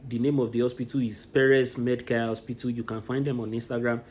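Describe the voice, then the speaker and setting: A man's voice: medium pitch, flat delivery, quick pace, a little mellow, a little hiss or hum. A man from Nigeria, giving an emotional commentary and often repeating words as he restarts his sentences. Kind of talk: impassioned commentary.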